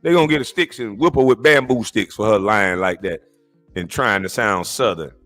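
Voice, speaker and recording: A man streaming a profane comedic rant as he reacts to clips, incredulous and mocking, often shouting. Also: on the low side, moderate pace, faint music behind.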